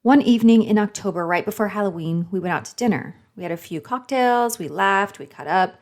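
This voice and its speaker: A woman on a podcast, reading a story recap in an even tone and chiming in with blunt, supportive comments. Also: medium pitch, a little fast. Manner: reads recap narration evenly, then reacts with laughter and blunt agreement. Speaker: podcast host. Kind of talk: podcast narration and chat.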